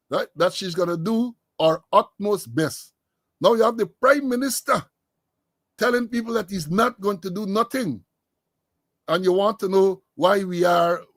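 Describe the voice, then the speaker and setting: A man's voice: high-pitched, no room sound. A man with a Guyanese accent hosting a political commentary stream, sarcastic and lecturing, rambling as he goes. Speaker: host.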